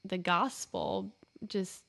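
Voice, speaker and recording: A woman's voice: medium pitch, steady tone, drawn-out words, gravelly, fairly bright tone. A woman co-hosting a podcast in casual chat, hesitant and often repeating words. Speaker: podcast co-host.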